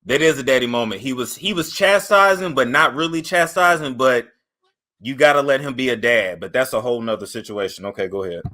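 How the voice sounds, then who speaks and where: A man hosting a call, jumping in with quick casual comments. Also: mid-range voice, pushed and bright. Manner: quick interjecting remarks. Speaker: host.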